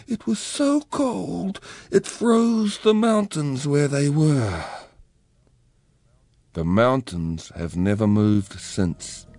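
A man's voice: mid-range voice, mellow, dry recording, studio quality. A man telling a legend aloud in a dramatic storybook reading. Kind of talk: storybook narration.

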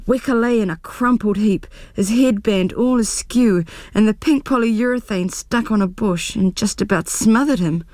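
Brief: New woman storyteller, warm mellow tone, dry close sound. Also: medium pitch, moderate pace, few pauses, dry recording. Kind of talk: storybook reading.

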